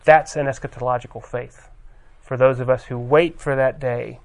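A man preaching a conversational sermon, reading scripture aloud and pausing often with fillers. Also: medium pitch, fairly even intonation.

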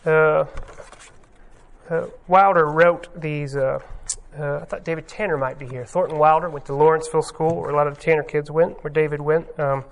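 A man's voice: on the high side, steady tone, normal speed, creaky. Man preaching with lots of ums. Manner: conversational, many ums and uhs, retells scenes with quoted lines. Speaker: pastor. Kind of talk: informal sermon.

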